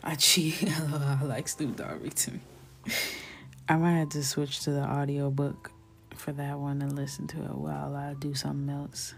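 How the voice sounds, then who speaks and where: A woman chatting casually as she colors on a live stream, talking softly and often half-whispering, easygoing and quick to laugh. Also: low-pitched, gravelly, a little hiss or hum. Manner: laughs easily, relaxed and unhurried.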